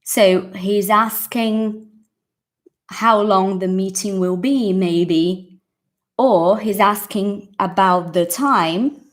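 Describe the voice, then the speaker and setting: A woman's voice: mid-range voice, drawn-out words. A woman teaching an English lesson to her viewers in a casual, emphatic way, repeating key points and addressing them directly.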